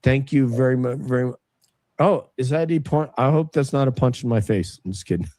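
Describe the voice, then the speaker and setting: A man's voice: mid-range voice, a little fast, background noise. A man hosting a casual livestream chat, loosely thanking viewers and laughing often. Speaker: livestream host.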